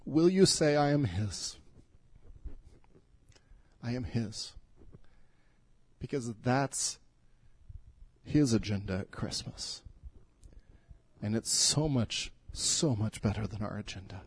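A man's voice: fairly low pitch, expressive, measured pace, breathy edge, no room sound. A middle-aged male pastor giving an earnest, pleading sermon in church, often repeating words as he speaks.

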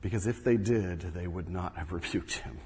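A man preaching a sermon as pastor, moving between loud emphatic bursts and hushed low asides. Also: moderate pace, slightly rough. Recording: long reverb of a large hall.

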